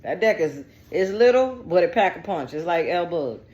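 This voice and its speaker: A woman's voice: lowish voice, animated, moderate pace, darkish tone, muffled recording. A woman giving a casual tarot reading, chatty and digressive, with slang and profanity. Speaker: tarot reader.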